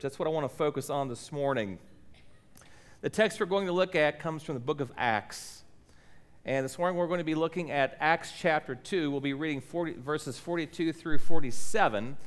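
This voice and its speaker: A man preaching a Sunday sermon from a church pulpit mic, friendly and questioning, with emphatic pauses. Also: on the high side, lively intonation. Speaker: pastor. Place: church sanctuary. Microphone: lowered stand or pulpit microphone.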